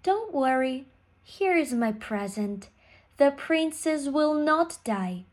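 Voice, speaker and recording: Woman doing a good fairy, kind, soothing, slow, slightly high voice, storybook. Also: animated, darkish tone. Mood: reassuring.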